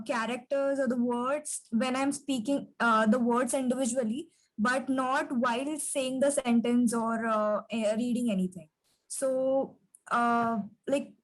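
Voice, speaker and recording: A woman learner asking a question in a live session, hesitant and filling pauses with many uh's. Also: sits high, rough recording.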